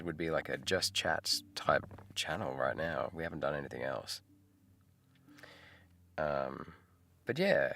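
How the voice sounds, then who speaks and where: A man's voice: sits low, vocal fry, a bit bright. A middle-aged man, hosting a casual livestream chat, laid-back and rambling, laughing often. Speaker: livestream host. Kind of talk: casual live chat with viewers.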